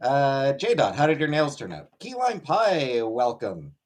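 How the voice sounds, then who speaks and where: A man's voice: medium pitch, big pitch swings, measured pace. A man hosting a casual livestream from home, rambling as he reads chat comments and thanks viewers by name. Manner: rambling, thanks chatters by name, baby-talks to his pet. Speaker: livestream host.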